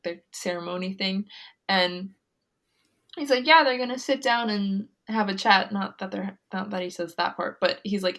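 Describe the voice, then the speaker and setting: A young woman co-hosts a casual podcast, talking in quick bursts thick with "like" and breaking into giggles. Her voice sits at an ordinary middle pitch. The tone is relaxed friend-to-friend chat. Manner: chatty, giggly, many "like" fillers. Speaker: podcast co-host. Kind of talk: casual chat recapping a reality show.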